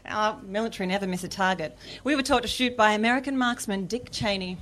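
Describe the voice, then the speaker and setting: A woman playing a deadpan North Korean government spokeswoman in a live comedy sketch, with a put-on accent, making absurd boasts. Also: medium pitch, quick pace, natural voice. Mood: deadpan boastful. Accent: mock Korean accent. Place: live stage before an audience. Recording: audience laughter in the room.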